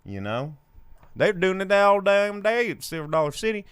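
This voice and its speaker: A man's voice: high-pitched, very animated, normal speed, a bit bright, smooth, no room sound, voice pushed up. A man putting on an exaggerated rural Southern US accent, voicing a folksy country man in a hammy, drawling way.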